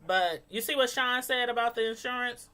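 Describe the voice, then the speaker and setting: A woman hosts a casual call-in show with a somewhat high voice. She talks in an animated, emphatic way and circles back over her own words. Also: moderate pace, over a noisy crowd. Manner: animated, emphatic, repeats herself. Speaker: host.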